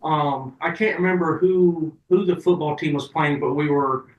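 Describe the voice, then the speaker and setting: A man's voice: fairly high pitch, moderate pace, reverberant, recorded from a distance, muffled recording. A man telling casual, profane stories as an interview guest.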